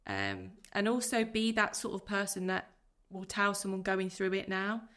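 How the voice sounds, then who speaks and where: A woman's voice: mid-range voice, expressive, fairly bright tone. A woman in her thirties, a podcast guest telling her own story in an earnest, heartfelt way. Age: 30s. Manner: earnest, heartfelt, speaks in rushes of feeling. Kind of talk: emotional personal interview.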